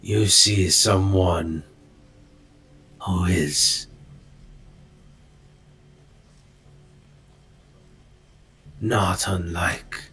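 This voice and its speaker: A man voicing a solemn male cultist with unblinking yellow eyes, speaking slowly and gravely as if preaching. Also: sits low, heavily acted.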